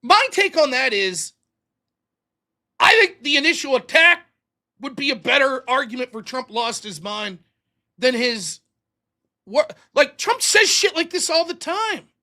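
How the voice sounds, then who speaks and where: A man hosting a live-streamed show, ranting through profane, mocking political commentary that swings from shouting to muttering. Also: very high-pitched, big pitch swings, measured pace, pauses often.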